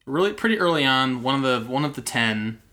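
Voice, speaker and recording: A man's voice: mid-range voice, lively intonation, a little fast, pushed and bright. A young man hosting a podcast, casually telling a mystery story with lots of fillers and restarts. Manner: chatty, with many fillers and restarts.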